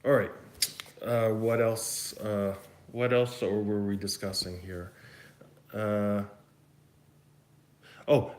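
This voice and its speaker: Brief: Canadian man, West Coast accent, mid-pitched, rambling and chatty, taking viewer questions in an echoey room. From Vancouver, Canada. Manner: rambling, chatty, thinks aloud. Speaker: YouTube host answering viewer questions. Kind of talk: casual livestream Q&A.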